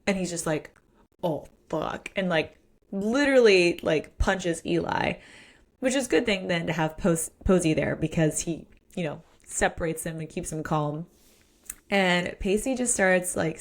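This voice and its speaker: A woman's voice: fairly low pitch, gravelly. A woman co-hosting a podcast, casually and playfully recapping a romance novel in a chatty book discussion. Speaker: podcast co-host.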